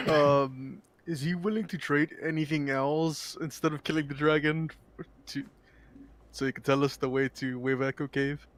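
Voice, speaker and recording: A man taking part in a tabletop game as a player, speaking in a measured, polite way. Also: on the high side, fairly even intonation. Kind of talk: in-character play at a tabletop game.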